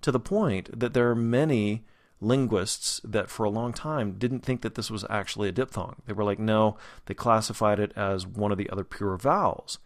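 A man teaching a spoken lesson as a dialect coach, explaining carefully and slowly modeling vowel sounds again and again. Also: on the low side.

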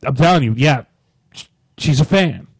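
A man co-hosting a casual talk show, halting and repeating words as he tells stories. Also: a little high, animated, gravelly, husky, no room sound. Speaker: co-host. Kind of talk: casual banter.

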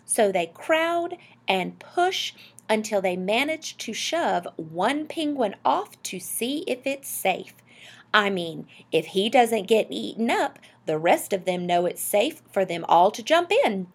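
A woman's voice: medium pitch, slow pace, vocal fry, husky, exaggerated voice. A woman voicing an enthusiastic, dreamy middle-aged husband who talks eagerly. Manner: eager, excitable.

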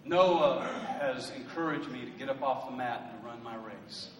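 A male pastor preaching a sermon in a church, swelling into loud emphatic bursts and joking asides. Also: medium pitch, steady tone, normal speed, slight background noise. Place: church sanctuary. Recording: echoey hall from a distant mic.

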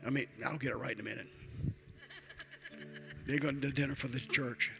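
An older man preaching a sermon as a bishop, swinging between quiet asides and loud emphatic build-ups. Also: mid-range voice, steady tone, brisk, gravelly, pauses often, faint music behind.

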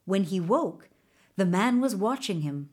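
A woman narrating a children's storybook in a gentle, measured way. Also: medium pitch, animated, breathy edge.

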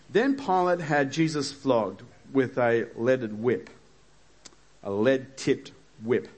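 A male preacher reading scripture in a sermon, breaking off for chatty asides and small chuckles. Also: medium pitch.

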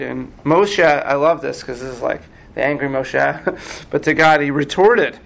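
A male rabbi teaches a class, talking through a text in a loose, animated way full of asides. His voice sits a little high for a man. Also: a little slow, gravelly, low-quality recording. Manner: chatty and animated, with restarts and asides.

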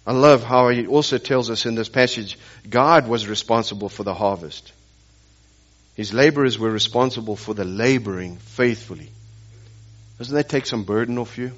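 A man's voice: medium pitch, normal speed, lo-fi sound. A man preaching a sermon as pastor, telling stories and pressing the congregation with rhetorical questions and emphatic repetition.

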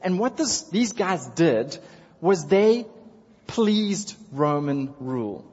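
A man's voice: on the high side, big pitch swings, slow pace, a little mellow, breathy edge. A man preaching a sermon to his congregation in a conversational way, repeating phrases, chuckling and speaking directly to the listeners. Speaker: pastor. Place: church sanctuary with congregation. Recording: dull sound with long hall reverb.

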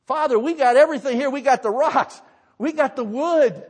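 A man playing the young son Isaac, asking urgent, rapid pleading questions. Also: very high voice, breathy edge, voice pushed up. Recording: reverberant church hall.

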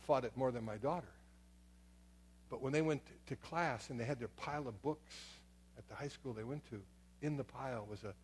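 A man's voice: medium pitch, a little mellow, husky. A middle-aged man preaching a sermon as pastor in a church, talking in a conversational way with many asides and repeated words. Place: church sanctuary.

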